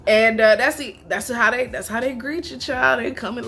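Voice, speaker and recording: A young woman reviewing a reality show in a casual, animated chat, full of slang and laughter. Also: high voice, a little slow, soft background music. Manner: chatty and animated, laughs often, slangy asides.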